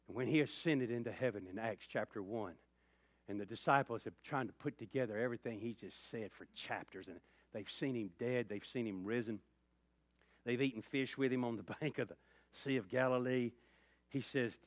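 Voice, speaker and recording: A man preaching a sermon as pastor, swinging from loud, raised passages to hushed, quiet ones. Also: on the low side, a little fast, dry recording. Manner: impassioned preaching, rising loud then dropping to hushed tones.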